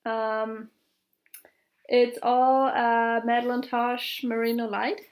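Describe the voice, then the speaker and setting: Young german woman rambling on her podcast, lotsa ums, voice a bit high. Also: flat delivery, slow, darkish tone. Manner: hesitant, full of fillers, light laughs. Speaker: podcast host. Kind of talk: casual video podcast chat.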